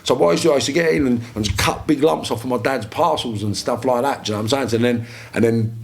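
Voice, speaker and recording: Gravelly London man telling stories. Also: medium pitch, fast. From London, England. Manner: animated storyteller, swears freely, acts out quoted speech. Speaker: podcast guest. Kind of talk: casual storytelling interview.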